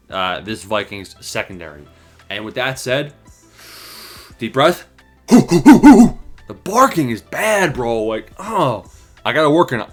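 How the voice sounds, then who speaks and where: A man's voice: mid-range voice, a bit bright. Hyped young man calling football picks. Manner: hyped, slangy, talks to viewers as "boys" and "bro". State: out of breath. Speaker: sports predictions host. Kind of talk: casual sports betting talk.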